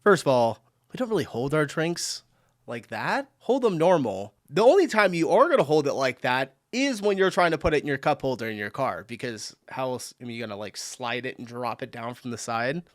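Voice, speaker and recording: An American man hosts a reaction video in a loose, chatty way. He thinks aloud as he goes and breaks into easy laughs, and his voice sits at a middle pitch. The sound is dry and close, with no room echo. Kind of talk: casual reaction commentary.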